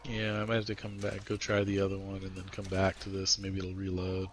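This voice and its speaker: A man chatting casually while gaming with friends, swearing often and telling stories in an animated way. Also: sits low, a little fast, a little hiss or hum, rough recording. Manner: profane, animated storytelling. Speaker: gamer playing with friends.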